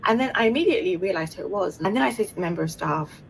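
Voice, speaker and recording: A woman's voice: on the low side, expressive, rapid-fire, gravelly, slight background noise, low-quality recording. A British woman telling a personal story to camera in an earnest, detailed way.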